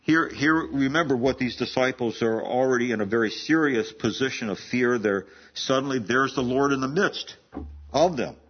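A man's voice: medium pitch, moderate pace, breathy edge, dull audio. A man in his seventies preaching a sermon in a conversational, storytelling way, often restarting phrases and laughing. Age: 70s. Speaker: pastor.

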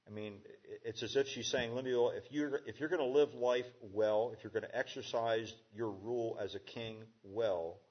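A man preaching a conversational sermon as a pastor, halting with fillers and restarts. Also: mid-range voice, fairly even intonation, breathy edge, lo-fi sound.

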